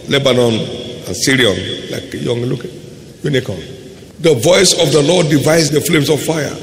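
Older man preaching with gravelly voice. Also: a little hiss or hum. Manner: preaching with dramatic swings in pitch and loudness, drawn-out emphatic phrases. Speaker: pastor. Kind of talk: sermon. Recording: echoey hall with faint ambience.

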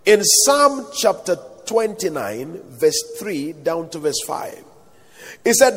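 A man's voice: high voice, very animated, slow pace, fairly bright tone, husky, long reverb tail. A man preaching a sermon, quoting scripture in old-style wording and calling on the crowd to say amen. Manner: preaching with calls for amen and King James quotations.

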